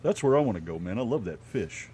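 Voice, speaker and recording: A man's voice: lowish voice, lively intonation, fast talker, warm tone. A middle-aged American man co-hosting a radio show, telling rambling stories and swearing casually. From United States.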